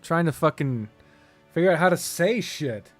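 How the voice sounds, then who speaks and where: Laughing often, ranting and swearing, a man keeps up casual livestream chatter while playing a strategy game. His voice is a little high and animated at a normal pace, with faint music behind.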